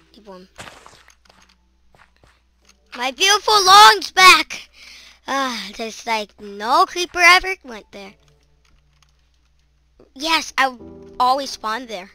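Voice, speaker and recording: High, sharp-voiced woman shrieking through gameplay. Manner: shrieks and screams at monsters, chatters to herself. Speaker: gaming channel host. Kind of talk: let's-play commentary.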